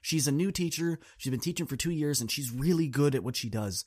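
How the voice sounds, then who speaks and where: A man's voice: on the high side, expressive, a little fast, darkish tone, husky, no echo, studio quality. Earnest male podcast coach. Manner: earnest, direct, addresses listeners as y'all. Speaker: podcast host and student coach. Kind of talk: casual storytelling monologue.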